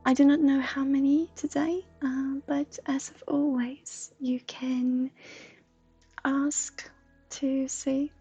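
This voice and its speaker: A woman from Sweden, a streamer and intuitive counselor chatting softly with viewers, often slipping into a breathy whisper. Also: high-pitched, level tone, slow pace, faint music behind. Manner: soft, often drifting into a breathy whisper, laughs often. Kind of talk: live stream chat with viewers.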